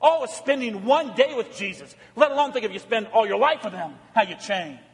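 A man's voice: high voice, animated, fairly quick. A man preaching a sermon as pastor, emphatic, asking the congregation repeated rhetorical questions. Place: church sanctuary. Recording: long church reverb.

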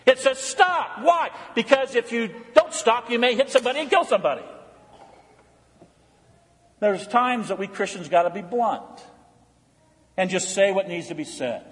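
A man preaching a sermon as pastor in a church, blunt and emphatic, swinging from loud calls to hushed pleading. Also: sits high, animated, normal speed, pauses often. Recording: church hall reverb.

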